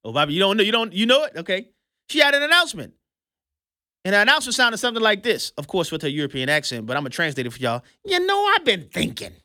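A man hosting an opinionated commentary show, emphatic and sarcastic, swinging between loud and hushed. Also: sits high, big pitch swings, racing, no echo, studio quality.

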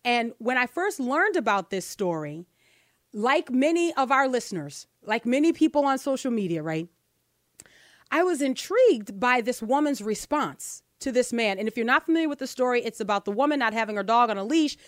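A high-pitched woman hosts a talk show, delivering pointed opinion commentary. She drives her points home with rhetorical tag questions. Her voice sounds dry and close to the mic. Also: big pitch swings, moderate pace, dry recording. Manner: emphatic, with many rhetorical "right?" tag questions.

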